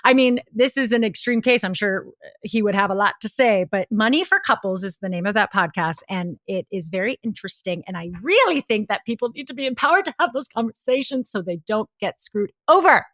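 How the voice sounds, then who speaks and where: A woman co-hosting a podcast in casual, playful chat, full of quick jokes and asides. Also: medium pitch, animated, a bit bright, no echo, studio quality. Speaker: podcast co-host.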